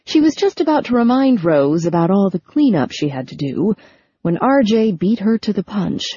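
Woman audiobook narrator, dark mellow tone, dry close sound, dull lo-fi quality. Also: mid-range voice, sing-song, moderate pace, husky, dry recording. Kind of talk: scripted narration. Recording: dull lo-fi recording.

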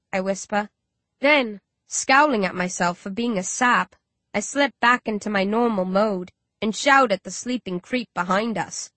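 A woman's voice: medium pitch, a little slow, a bit bright, no echo. A woman reading a first-person story aloud as an audiobook narrator, shifting her voice slightly for each character.

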